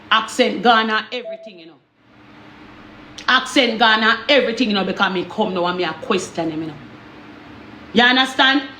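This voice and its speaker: A woman's voice: fairly high pitch, a bit bright, reverberant, a little hiss or hum. A woman with a Jamaican accent telling her own story in a heated, emphatic way, often stopping to ask if you understand.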